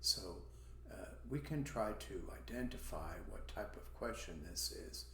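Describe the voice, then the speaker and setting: A man's voice: lowish voice, lively intonation, measured pace, sharp tone, roomy sound, slight background noise. A man teaching an English class, demonstrating question intonation by swooping his voice up and down. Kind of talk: online language lesson.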